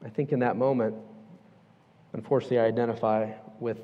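A man's voice: medium pitch, steady tone, fast talker. A man preaching a sermon in a church auditorium, emphatic and conversational with casual asides. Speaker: pastor. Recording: echoey hall, dull sound.

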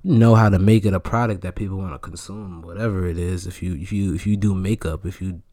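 Brief: young New York producer, relaxed and slangy, a touch low in pitch. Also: male voice, fairly quick. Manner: laid-back, slangy, laughs easily. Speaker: music producer guest. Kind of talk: casual podcast chat.

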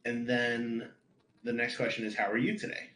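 A man hosting a podcast interview, briskly reading out the listener questions. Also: mid-range voice, flat delivery, a bit bright. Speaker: podcast host. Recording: roomy echo.

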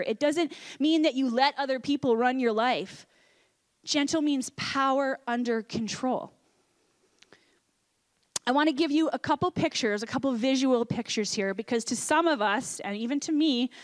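Lady pastor preaching, pretty high voice, earnest, goes soft and hushed on the quotes. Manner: earnest, drops to a soft hush for quoted lines. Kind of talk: sermon.

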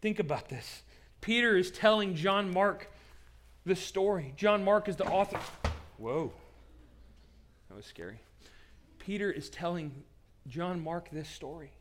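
A man's voice: high voice, lively intonation, a little slow, pauses often. A male pastor preaching a sermon from a stage, telling the story in an earnest, dramatic way. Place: stage with pulpit.

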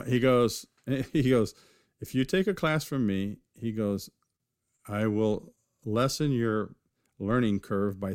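A man's voice: on the low side, no echo, studio quality. A man from California, a knifemaker guest, telling long rambling stories in a casual interview, full of fillers and restarts. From California, USA.

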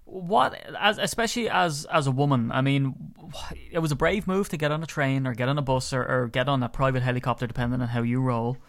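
An Irish man talks through a podcast segment in a chatty, rambling way. His voice is smooth and clear, recorded close and dry. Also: medium pitch, fairly quick, hardly any pauses, a bit bright, dry recording. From Ireland. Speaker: podcast co-host. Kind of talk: casual podcast chat.

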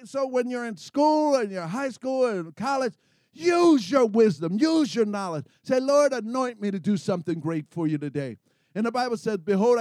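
A man preaching a sermon, calling for responses from the congregation and building to excited shouts. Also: sits high, no echo, studio quality.

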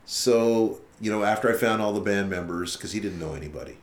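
A musician guest in a casual interview tells a long story in a lowish, fairly quick voice that sounds reverberant. He swears freely and animatedly acts out what others said.

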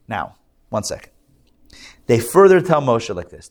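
A man's voice: mid-range voice, very animated, measured pace, pauses often. A man teaching a live scripture class as a rabbi, speaking conversationally with fillers and restarts.

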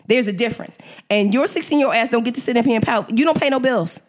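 A middle-aged woman co-hosting a casual TV review podcast, blunt and animated, acting out the characters' lines as she talks. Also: on the high side, fast. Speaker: podcast co-host.

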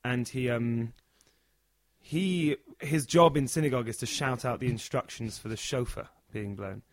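A man telling a funny story in a casual chat, animated and acting out the people in it. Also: medium pitch, normal speed. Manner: animated, acts out the characters.

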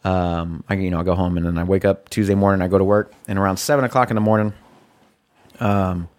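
Low-voiced man telling a work story. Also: quick pace. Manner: relaxed storytelling with many fillers and restarts. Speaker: delivery driver. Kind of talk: casual chat.

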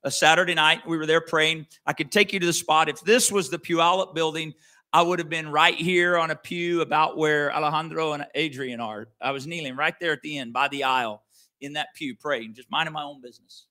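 Male pastor, middle-aged, conversational sermon storyteller, crisp bright tone. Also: a little high, fairly even intonation, fairly quick. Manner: earnest, conversational, with frequent restarts.

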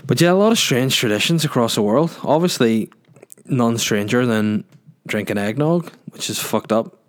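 A man's voice: medium pitch, lively intonation, moderate pace. A man hosting a solo podcast in a rambling, jokey, sweary casual chat. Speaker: podcast host.

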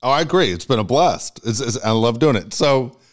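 A man co-hosting a casual radio podcast, telling stories in a profane, animated way. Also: mid-range voice, a little fast. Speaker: co-host.

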